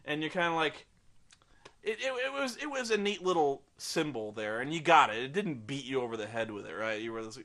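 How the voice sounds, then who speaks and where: Sarcastic male film reviewer with a bright voice. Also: mid-range voice, very animated, a little fast. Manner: sarcastic, rambling, with frequent restarts. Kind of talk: comedic film review rant.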